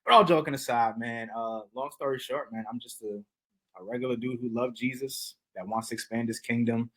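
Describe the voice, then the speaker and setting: A man who is a podcast guest and motivational speaker, telling stories in a lively, slangy, preacher-like way. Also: medium pitch, fairly quick, poor audio. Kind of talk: energetic storytelling in casual chat.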